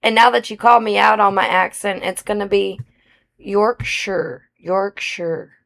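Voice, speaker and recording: A woman's voice: medium pitch, steady tone, brisk, gravelly, fairly bright tone. A woman streamer chatting casually on a live game stream, with an accent, muttering to herself while she plays. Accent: non-British accent.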